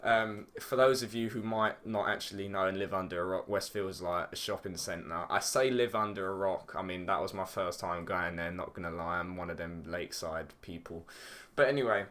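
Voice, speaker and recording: A man's voice: sits low, normal speed, a bit bright. A teenage boy with an English accent telling a story casually, rambling, swearing and filling with "like". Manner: rambling, swears a lot, heavy use of "like". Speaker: vlogger.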